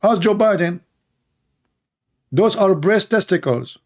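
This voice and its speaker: A man hosts a call-in show in a mocking monologue, scornful and sarcastic. His voice sits a little high for a man. His grammar is broken, and he keeps firing rhetorical questions. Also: lively intonation, takes it slowly, darkish tone. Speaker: show host taking calls.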